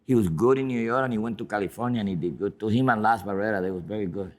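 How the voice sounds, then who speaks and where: A man, a retired jockey on a panel, telling lively anecdotes and laughing between lines. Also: on the low side, racing.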